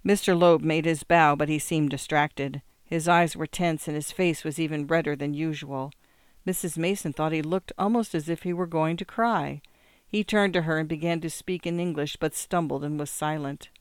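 An audiobook reader narrates a novel in an even, measured way. The voice is smooth and clean, recorded close and dry. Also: mid-range voice, dry recording.

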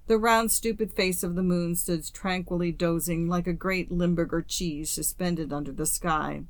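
A woman reading a classic story aloud as an audiobook narrator, in a steady, measured way. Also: fairly low pitch, dry recording. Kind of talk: scripted narration.

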